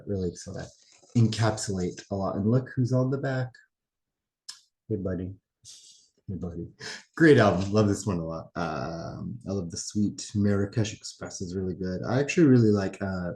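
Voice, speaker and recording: A man casually showing off a record haul in a vlog, relaxed and rambling with musing asides. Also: deep voice, gravelly, poor audio. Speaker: record collecting vlogger. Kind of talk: casual show-and-tell vlog.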